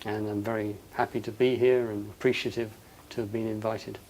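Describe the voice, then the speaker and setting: A man giving a passionate, emphatic talk to an audience, his voice rising loud on quoted lines. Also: fairly low pitch, flat delivery, brisk, slight background noise. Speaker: speaker.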